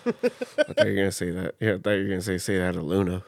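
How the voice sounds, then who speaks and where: A man's voice: low-pitched, huge pitch swings, quick pace, gravelly, a little mellow, no echo. A man co-hosting a podcast in loose, joking, swear-filled casual chat. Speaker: podcast co-host.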